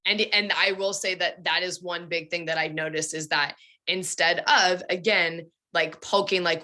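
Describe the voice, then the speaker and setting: A young woman telling animated, chatty stories in a casual podcast conversation. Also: fairly low pitch, normal speed, few pauses.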